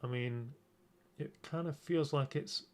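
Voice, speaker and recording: A man hosting a relaxed livestream, talking viewers through his makeup at an unhurried pace. His chat rambles and mocks himself, often restarting sentences. His pitch sits in an ordinary middle range. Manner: rambling and self-mocking, with repeated restarts. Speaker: streamer. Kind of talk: casual livestream chat during a makeup tutorial.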